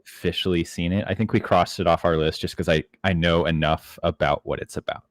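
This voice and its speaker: Young male podcast co-host, very low voice, casual and chatty, dry booth sound. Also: brisk, no echo. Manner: relaxed, chatty, frequent ums. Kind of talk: casual chat.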